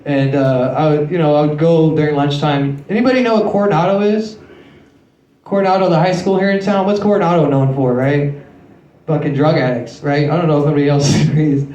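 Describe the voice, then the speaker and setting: A man's voice: fairly high pitch, fairly even intonation, fairly quick, mellow, highs cut off, a little hiss or hum. A man in his late twenties doing a stand-up set on a comedy club stage, telling crude, self-mocking stories into a handheld mic. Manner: crude, self-mocking storytelling with frequent swearing. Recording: echoey club room.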